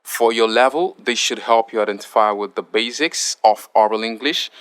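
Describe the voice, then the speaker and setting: A man tutoring pronunciation, reading a spelling word list aloud and saying each word twice in a deliberate way. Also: on the low side, a bit bright, clear, resonant tone.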